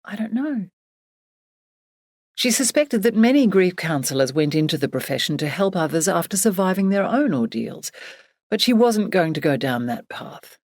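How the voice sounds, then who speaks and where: A woman narrates a novel with a calm, measured delivery. Her voice sits on the low side and the recording is dry and close, with no room echo. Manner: measured, even storytelling. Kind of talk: scripted audiobook narration.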